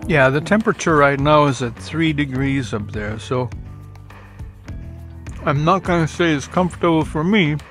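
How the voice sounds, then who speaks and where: A middle-aged man chatting casually to camera from a chilly greenhouse in the early morning, relaxed and unhurried, sometimes eating as he talks. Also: a little high, soft background music. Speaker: YouTube vlogger. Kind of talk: casual vlog talk to camera.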